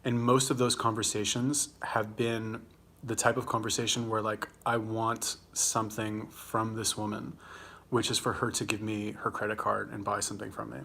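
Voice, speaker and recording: A man's voice: fairly low pitch, little pitch movement, moderate pace, gravelly, pushed and bright, husky. Chatty Los Angeles guy rambling casually. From California. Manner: rambling, profane, chatty, answers viewer comments; talks while eating. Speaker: livestream host. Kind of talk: casual livestream chat.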